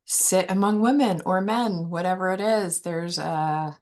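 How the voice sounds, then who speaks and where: A woman's voice: on the low side, measured pace, a little mellow. A woman life coach, a podcast guest, sharing her personal story in an earnest, open way. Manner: earnest and open, quoting her own inner voice.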